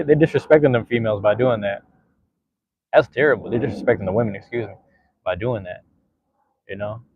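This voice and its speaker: Male podcast host, laid-back and slangy, a bit low-pitched, dry close sound. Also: darkish tone, no room sound, muffled recording. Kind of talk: casual podcast chat.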